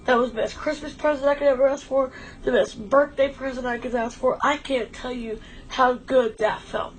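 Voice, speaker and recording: Stream co-host, woman, a bit high-pitched, emotional and rambling, heartfelt casual talk, faint hiss behind. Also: fairly even intonation, moderate pace, rough recording. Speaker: livestream co-host.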